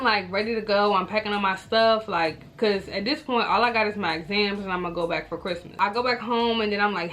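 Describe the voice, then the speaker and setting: Young woman, casual storytime vlogger, lively and chatty, addresses viewers directly. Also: mid-range voice. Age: young adult. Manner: animated, talks straight to viewers, acts out her own reactions.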